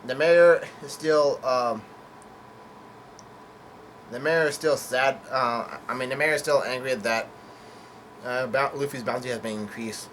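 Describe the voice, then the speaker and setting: A man's voice: mid-range voice, a little slow, pauses often, a bit bright, a little hiss or hum. Hesitant man recapping a comic chapter. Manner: hesitant, full of fillers and self-corrections, casual swearing. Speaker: manga chapter reviewer. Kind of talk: casual chapter recap read-through.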